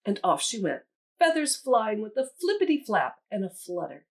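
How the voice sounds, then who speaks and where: A woman museum educator reading a children's storybook aloud in an animated, teacherly way. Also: mid-range voice, moderate pace.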